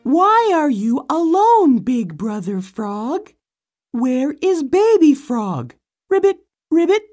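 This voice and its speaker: A woman voicing a fretful mother frog in a children's storybook, speaking in a slow, drawn-out, high voice. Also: big pitch swings, darkish tone, soft background music, full character voice. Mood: worried. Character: anxious mother frog, fussing, grief-stricken. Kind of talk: storybook acting.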